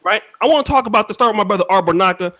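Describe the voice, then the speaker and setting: Male panel host on a video call; high voice, rapid slangy delivery, keeps calling for calm. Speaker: host and moderator. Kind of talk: moderating a heated online panel.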